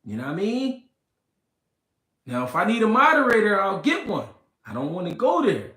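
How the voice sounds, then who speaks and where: A man hosting a casual livestream, reading comments and talking slow and deliberate, repeating himself and swearing. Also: high-pitched, wildly swooping pitch, bright, forceful tone. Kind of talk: casual livestream talk about boxing. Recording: roomy echo.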